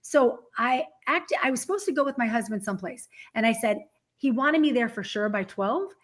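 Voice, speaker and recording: A woman on a video call panel, telling an excited, animated story and acting out what people said. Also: fairly high pitch, moderate pace.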